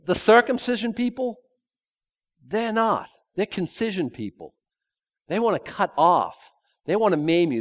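A man preaching a verse-by-verse sermon in a conversational way, with joking asides and emphatic repetition. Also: fairly high pitch. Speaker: pastor. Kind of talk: expository sermon.

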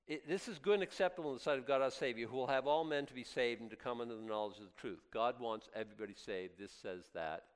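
Preacher guy, gets loud then drops quiet, stumbles over his words, long echo in the church. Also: quick pace, few pauses, clear, resonant tone. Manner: impassioned, swings from loud highs to quiet asides, stammering restarts. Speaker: pastor. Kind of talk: sermon. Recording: long hall reverb.

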